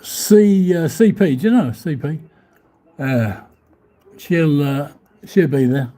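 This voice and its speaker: In a hotel room with a view of the seafront, a vlogger casually reads viewer comments during a live stream, rambling, laughing frequently and swearing mildly. His voice is fairly high and dark in tone, and he talks slowly.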